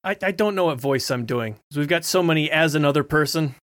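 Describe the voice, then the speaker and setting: A man podcast host chatting casually with halting starts and jokes. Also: on the high side, a bit bright, no room sound, studio quality. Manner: halting, joking.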